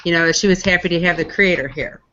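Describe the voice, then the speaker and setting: An older woman taking part in a group call, sharing slowly and softly. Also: fairly low pitch, muffled recording, slight background noise. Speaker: participant. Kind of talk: casual chat.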